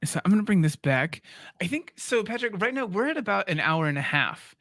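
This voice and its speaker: A man's voice: high-pitched, big pitch swings, brisk, a bit bright, no room sound, clean studio sound. A man hosting a livestream, easygoing and joking as he steers the conversation. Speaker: host. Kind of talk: livestream co-host chat.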